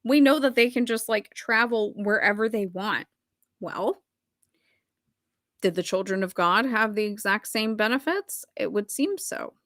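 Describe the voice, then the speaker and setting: A woman's voice: medium pitch, lively intonation, a little slow, a bit bright, no echo, studio quality. Blunt, emotional woman reading documents aloud. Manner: blunt, emotional, swears, many fillers. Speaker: true crime video host. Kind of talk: casual commentary reading documents.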